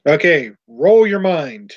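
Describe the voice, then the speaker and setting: A man running a tabletop game as game master, narrating scenes and calling for rolls. He halts and searches for words often, with a fairly high voice. The sound is muffled and lo-fi. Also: very animated, noisy background. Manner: halting, searching for words mid-sentence.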